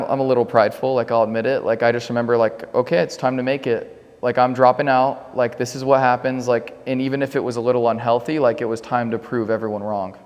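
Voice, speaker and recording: A man's voice: medium pitch, darkish tone. Young man, casual podcast chat, rambling, filler-heavy, echoing room. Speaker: podcast co-host, solar sales rep.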